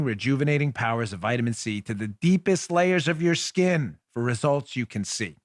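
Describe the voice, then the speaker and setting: A man's voice: medium pitch, dry recording. A man in his forties hosting a political talk show, riffing in sarcastic mock pleas with lots of restarts, into a studio microphone. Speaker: podcast host.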